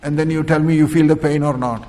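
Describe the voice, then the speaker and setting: A man giving a spiritual discourse, repeating points, posing rhetorical questions and often clearing his throat. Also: on the high side, fairly even intonation, fast talker, darkish tone. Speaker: spiritual teacher. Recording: echoey hall with long reverb.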